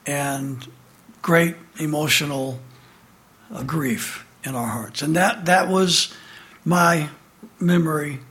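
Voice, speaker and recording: Addressing a listening audience, an older Midwestern man in his seventies recounts his childhood in a prepared talk. His voice is a little high for a man, and he tells the story animatedly, moving between emphatic stresses and quiet, hushed passages.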